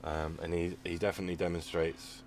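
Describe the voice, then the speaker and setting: A man's voice: sits low, little pitch movement, fairly quick, slight background noise. A man hosting a podcast, talking in a rambling casual way with many restarts. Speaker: podcast host. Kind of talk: casual conversation.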